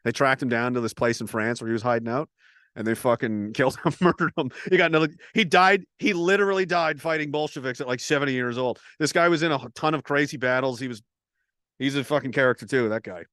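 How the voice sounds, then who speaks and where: A man's voice: medium pitch, quick pace, fairly bright tone, no room sound, clean studio sound. A man hosting a casual podcast who tells stories in a rambling, profane way and laughs often. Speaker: host.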